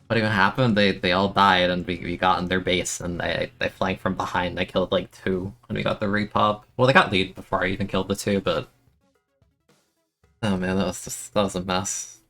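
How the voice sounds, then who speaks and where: A young man streaming a game, complaining in an exasperated, self-mocking way, with sudden high-pitched outbursts. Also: fairly even intonation, a little fast, creaky, pushed and bright, soft background music. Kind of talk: casual live-stream commentary.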